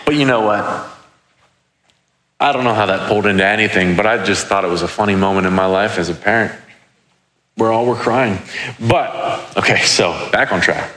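A man's voice: fairly low pitch, normal speed, pauses often, sharp tone, roomy sound, in a large hall, a little hiss or hum. A man in his twenties preaching casually, joking as he tells stories from his life as a father. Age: 20s. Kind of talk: sermon with personal stories.

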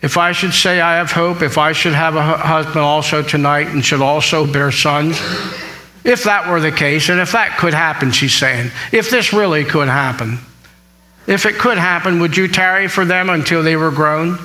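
Male preacher, bright, high-ish voice; reads verses and paraphrases, asks the congregation questions. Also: normal speed, rough recording. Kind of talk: sermon, Bible teaching.

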